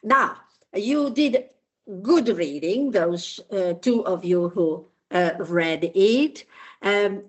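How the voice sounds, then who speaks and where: A woman teaching a language class at an unhurried pace. She explains patiently and pauses often on fillers. Her voice sits at an ordinary middle pitch. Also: lively intonation. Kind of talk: classroom lesson.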